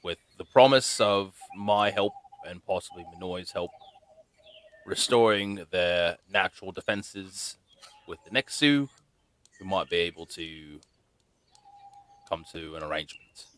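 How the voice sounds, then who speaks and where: A man playing a tabletop role-playing game, speaking in a measured, deliberate way. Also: low voice, a bit bright. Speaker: player.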